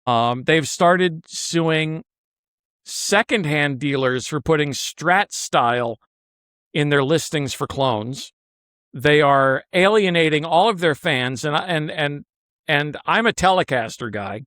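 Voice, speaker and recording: A man's voice: on the high side, expressive, slow pace, a bit bright, no echo, studio quality. A man in casual chat, blunt and opinionated, swearing freely as he makes his case.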